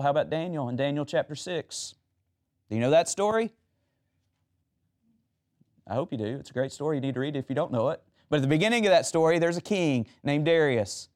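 A man's voice: medium pitch, darkish tone. Man preaching a sermon. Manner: asks the audience questions and retells stories.

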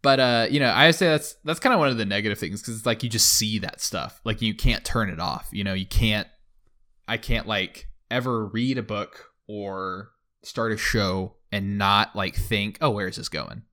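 A man's voice: lowish voice, normal speed, pushed and bright. A young man hosting a podcast in casual chat, rambling with many fillers. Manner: rambling, lots of fillers like "like" and "you know". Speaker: podcast host.

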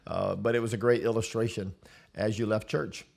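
A man, a pastor, chatting casually about his church, relaxed and laughing easily, with many fillers. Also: fairly low pitch, normal speed, gravelly. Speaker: senior pastor. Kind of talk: casual chat.

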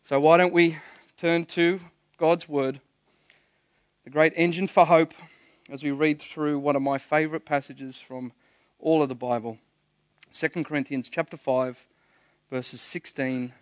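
A man's voice: a little high, fairly even intonation, a little slow, pauses often, no echo, studio quality. A man preaching a sermon, telling stories earnestly and often restarting his words. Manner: earnest storytelling, stammering restarts. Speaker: pastor.

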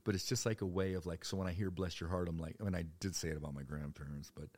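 Talking very fast in a deep, slightly mellow voice, a US man in his fifties rambles through stories from his younger days in a monologue. He jokes around and swears now and then.

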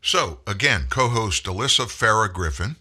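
A man's voice: on the low side, lively intonation, moderate pace, pushed and bright, slightly rough. A man hosting a political commentary show, delivering an opinionated monologue with mocking, folksy asides.

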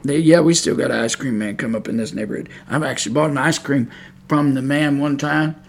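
A middle-aged man hosting a preaching podcast, moving from folksy chat to loud, fervent preaching. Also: mid-range voice, a little fast, vocal fry. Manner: folksy, swings from quiet chatting to loud preaching.

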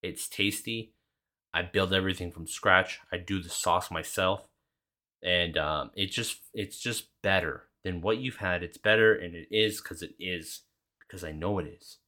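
Young male podcast host, low voice with a bright, pushy edge, casual and sweary. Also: a little slow. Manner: rambling, heavy swearing, lots of fillers. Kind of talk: casual solo chat.

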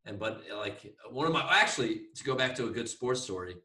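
A man's voice: medium pitch, animated, fairly quick, bright, forceful tone. A young man co-hosting a casual podcast, telling a rambling story with swearing and laughter. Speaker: podcast co-host. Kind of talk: casual chat. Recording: echoey room, mic at a distance.

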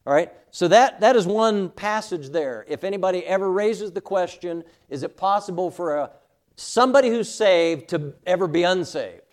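A man's voice: high voice, moderate pace. A middle-aged man teaching a Sunday school class, emphatic and often checking in with "all right?".

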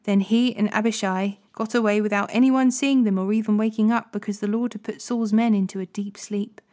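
A woman reads scripture aloud for a daily Bible series. Her narration is clear and steady, with some passages dropping soft and low. The pitch sits in an ordinary middle range. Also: brisk. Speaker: Bible reader. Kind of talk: scripture reading.

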